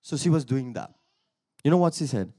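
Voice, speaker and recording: A man delivering a sermon as personal testimony, his voice sitting at a middle pitch. He talks casually, drifts through asides and chuckles, then builds into forceful, repeated questions and declarations aimed at the congregation. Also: expressive, fairly quick. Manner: conversational storytelling that builds to emphatic exhortation; laughs often between sentences. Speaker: preacher giving testimony.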